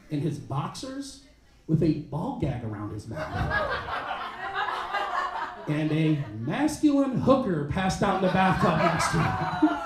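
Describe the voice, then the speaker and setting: High-voiced man doing stand-up in a roomy club. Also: heavy background noise. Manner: animated, punchy delivery with quick asides. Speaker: stand-up comedian. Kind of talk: stand-up storytelling. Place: comedy club stage. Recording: roomy club sound, mic at a distance.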